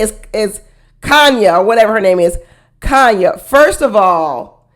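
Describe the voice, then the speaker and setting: A woman giving casual, blunt commentary on a reality show, with sassy, animated delivery and frequent laughing asides. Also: mid-range voice. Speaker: reality TV reaction host.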